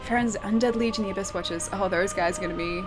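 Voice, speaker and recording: A woman's voice: mid-range voice, fast, over music. A young Australian woman chatting casually while livestreaming a game, giggling often and answering her chat. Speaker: streamer. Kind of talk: live game stream chat.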